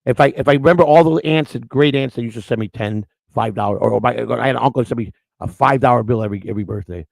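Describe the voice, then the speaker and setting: A man's voice: medium pitch, rapid-fire, creaky, dry recording, low-quality recording. A middle-aged man hosting, telling rambling stories in a casual, outspoken way with many restarts. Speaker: host. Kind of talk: casual storytelling on camera.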